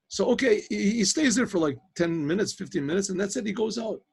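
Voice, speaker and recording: A man's voice: high-pitched, normal speed, vocal fry, slightly rough. A man, a rabbi, telling a story to students over a video call, often stammering and restarting his phrases. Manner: animated, with stammered restarts and repetitions. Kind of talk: storytelling lecture.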